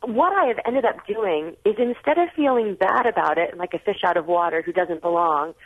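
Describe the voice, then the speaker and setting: A woman's voice: mid-range voice, expressive, moderate pace. An American woman in her forties chats as a radio guest author, restarting her sentences as she goes. She comes through a tinny, phone-like line. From United States. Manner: chatty, frequent restarts. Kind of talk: radio call-in conversation.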